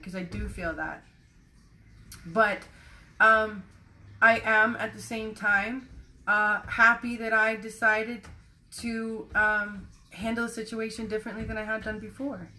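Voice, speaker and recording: Bright, candid woman musing aloud. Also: mid-range voice, level tone, a little slow. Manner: rambling, self-reflective, casually profane. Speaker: personal vlogger. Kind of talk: candid personal monologue.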